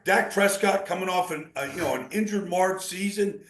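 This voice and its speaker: A man's voice: sits high, normal speed. Rambling male football analyst, echoey room. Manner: rambling, animated, many restarts. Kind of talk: casual sports talk.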